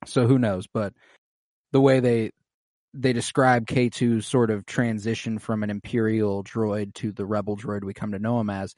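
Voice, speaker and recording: A man's voice: lowish voice, flat delivery, normal speed, darkish tone, no room sound, clean studio sound. A young man casually recapping an episode on a podcast, acting out characters' lines in a raised voice. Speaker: podcast co-host recapping a TV series. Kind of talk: casual chat.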